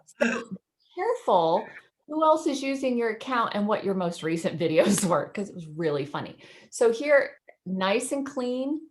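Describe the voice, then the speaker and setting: A woman teacher walks through a screen-share demo on a video call, chatty and enthusiastic and quick to laugh. Her voice sits at a middle pitch and comes through clearly over the call mic. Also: big pitch swings, slight background noise. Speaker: educator presenting in a webinar.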